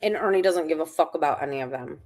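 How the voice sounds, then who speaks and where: A woman's voice: sits low, quick pace, darkish tone. A woman chatting on a casual livestream at home, blunt and profane in her talk.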